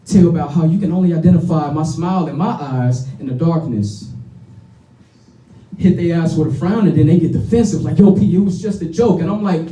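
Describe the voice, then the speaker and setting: A young man with a Chicago accent delivers spoken word poetry in a rhythmic, intense, blunt way. His voice sits a bit high but sounds very dark and mellow. It is heard from a distance in an echoey room. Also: fairly quick. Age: young adult. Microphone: stage microphone. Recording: roomy sound from a distant mic.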